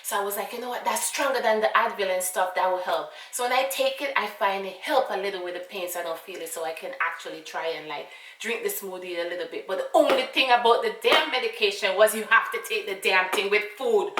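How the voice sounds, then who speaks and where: A woman with a Jamaican accent telling a casual storytime, animated and full of fillers and asides. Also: medium pitch, quick pace, recorded from a distance, noisy background. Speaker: vlogger. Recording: roomy, away from mic.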